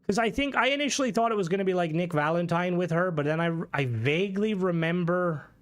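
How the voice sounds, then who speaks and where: Rambling man streaming games. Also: high-pitched. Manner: rambling, swearing, many halting restarts. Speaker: game streamer. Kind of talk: casual gaming stream commentary.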